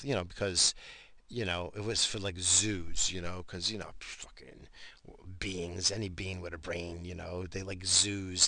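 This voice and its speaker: Gravelly, profane rambling man. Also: deep voice, bright, forceful tone, no room sound. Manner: profane, rambling, laughing asides. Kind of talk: casual rambling monologue.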